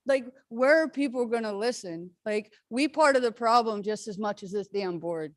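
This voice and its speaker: A woman speaking as a parent at a school board meeting's public comment, halting with many fillers and restarts and sounding frustrated. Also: a little high, no echo.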